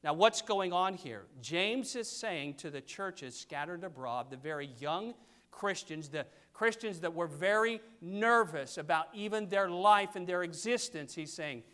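An older man preaching a sermon, reading scripture and pressing his points with sudden loud stresses. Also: high-pitched, expressive, measured pace, clean tone. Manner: emphatic, pulpit cadence with sudden loud stresses.

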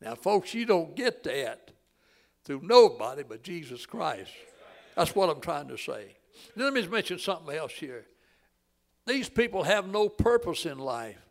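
Elderly preacher, folksy and fervent. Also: male voice, a little high, big pitch swings, a little slow, creaky. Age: 80s. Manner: folksy storytelling with emotional swells and hushed drops. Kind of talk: sermon.

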